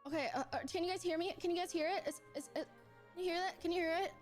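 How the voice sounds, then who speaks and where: A woman's voice: very high voice, steady tone, very fast, faint music behind. A woman streamer, flustered and nervous, gushing and repeating herself in a clip played on stream. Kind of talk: excited live stream chat.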